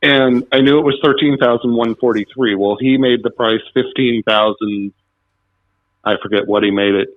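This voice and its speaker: A man's voice: mid-range voice, normal speed, no room sound. A man guest on a talk show, telling stories animatedly and acting out the quotes. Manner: animated, acts out quotes with laughs. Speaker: podcast guest. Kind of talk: casual storytelling interview. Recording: dull, dry lo-fi sound.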